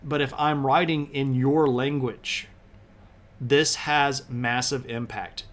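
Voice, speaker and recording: A man's voice: mid-range voice, fairly even intonation, slow, fairly bright tone. A man streaming a live history lecture, talking in a casual, enthusiastic way with plenty of slang.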